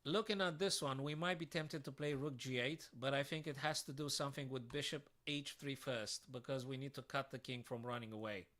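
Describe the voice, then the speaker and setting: A man's voice: mid-range voice, steady tone, a little fast, hardly any pauses, fairly bright tone. A man streaming live chess puzzles, thinking aloud to his viewers and breaking into sudden frustrated outbursts.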